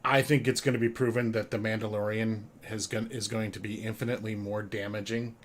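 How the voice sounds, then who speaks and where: A man co-hosting a casual podcast, making his points slowly with hesitant restarts. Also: on the low side, level tone, slight background noise. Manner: hesitant, halting, reasoned. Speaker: podcast co-host. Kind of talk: casual chat.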